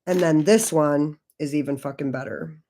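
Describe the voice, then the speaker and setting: A woman's voice: sits low, moderate pace, dark tone. A woman in her forties hosting a casual makeup livestream, talking loosely and swearing a lot while she chats with viewers. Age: 40s. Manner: loose and profane, chatty with viewers. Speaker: beauty channel host.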